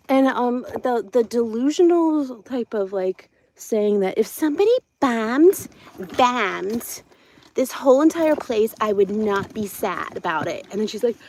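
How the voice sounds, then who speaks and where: A woman's voice: on the high side, lively intonation, a little slow, a little hiss or hum, poor audio. A woman from Ohio giving rambling comedic commentary outdoors at her home, giggly and stammering.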